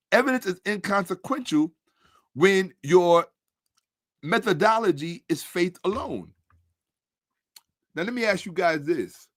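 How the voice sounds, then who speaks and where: Combative man, slightly high, dry sound. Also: a bit bright, no echo. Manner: combative, sarcastic, repeats points for emphasis. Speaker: commentator. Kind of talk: monologue reacting to on-screen comments.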